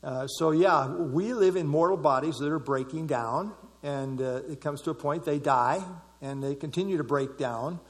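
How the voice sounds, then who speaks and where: A man's voice: on the high side, normal speed, few pauses, in a large hall. A man leading a Bible study class, explaining scripture verse by verse with emphasis.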